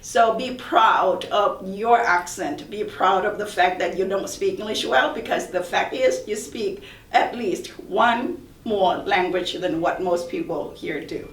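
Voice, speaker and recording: A woman's voice: mid-range voice, unhurried, fairly bright tone. Earnest woman, distant in a roomy space. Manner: earnest, emphatic advice. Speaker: professor. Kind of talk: panel discussion.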